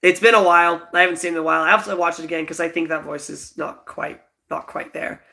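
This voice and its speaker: Talking fast in a creaky, sharp, somewhat high voice, this young livestream host in his twenties keeps his tone level. His casual chat with viewers wanders, packed with filler words and little giggles.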